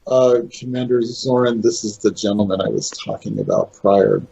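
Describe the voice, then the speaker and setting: A man plays a diplomat in a tabletop game, speaking politely with some hesitation. His voice is low, dark and gravelly, with a husky edge. The audio sounds dull and lo-fi. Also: fairly even intonation, normal speed. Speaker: player. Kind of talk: playing a character in a tabletop game.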